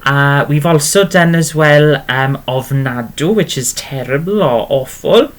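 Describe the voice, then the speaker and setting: A man's voice: on the high side, takes it slowly. A man teaching a beginner language lesson, patient and encouraging, often checking in with "okay?". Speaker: Welsh language tutor.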